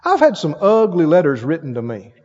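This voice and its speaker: Long hall reverb and a dull tone color this clip of a man preaching. His fairly high voice moves briskly as he laughs and performs the voices of characters in his animated stories.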